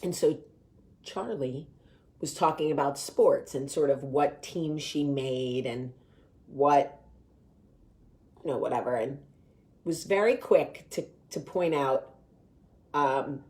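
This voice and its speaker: Low-voiced, chatty woman host. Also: slow pace, pauses often. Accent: New Jersey. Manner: animated, chatty, swears freely, laughs at own stories. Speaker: show host. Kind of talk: casual storytelling chat.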